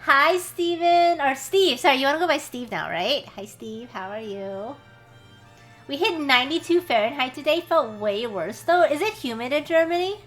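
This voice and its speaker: Chatty, high-voiced woman streamer. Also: very animated, moderate pace, faint music behind. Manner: chatty, swears, laughs often, talks to chat by name. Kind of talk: casual live-stream chat. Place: warm small room.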